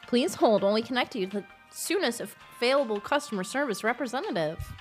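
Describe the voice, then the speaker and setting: A woman putting on a formal, flat customer-service hold message. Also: a little high.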